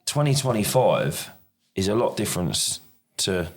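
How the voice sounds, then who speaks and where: Deep-voiced British man chatting casually. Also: very animated, a little slow. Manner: rambling, self-deprecating, restarts a lot. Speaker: podcast co-host. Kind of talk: casual chat.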